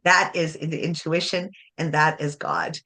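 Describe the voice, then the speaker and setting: A woman chatting casually about spirituality, animated, laughing often and acting out voices. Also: low-pitched, measured pace.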